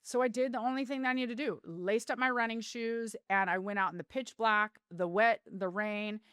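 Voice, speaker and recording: Middle-aged woman, interview guest, earnest heartfelt storyteller, smooth clean voice. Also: fairly high pitch, moderate pace, a bit bright, dry recording, clean studio sound. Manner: earnest, heartfelt, with vivid retelling. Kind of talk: personal storytelling in a podcast interview.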